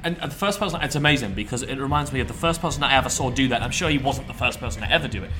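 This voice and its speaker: A man in casual podcast chat, quick with jokes and asides. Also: mid-range voice, animated, music in the background. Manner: quick banter, joking asides.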